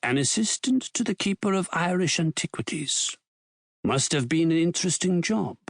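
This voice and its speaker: A man's voice: a little high, animated, normal speed, gravelly. A man playing a sardonic Nazi Reichsmarschall. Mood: probing. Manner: probing, mocking questions.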